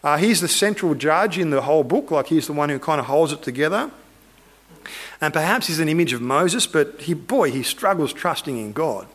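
A preacher delivers a sermon, recounting an old story with lively energy and quick asides. His voice is high and light, and he slips into little character voices along the way.

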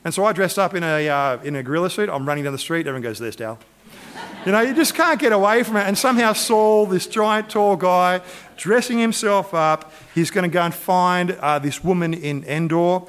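A man preaching a sermon, retelling a Bible story in an animated, storytelling way and acting out the quotes. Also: sits high, fairly quick. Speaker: pastor.

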